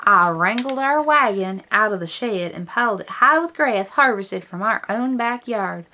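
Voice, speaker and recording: A woman's voice: mid-range voice, animated, normal speed, bright, forceful tone, a little hiss or hum. A woman voicing a horse-mad little cowgirl in a put-on Western twang, reading a picture book aloud. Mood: eager. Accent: put-on American Western twang. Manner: drawling, folksy storybook read-aloud.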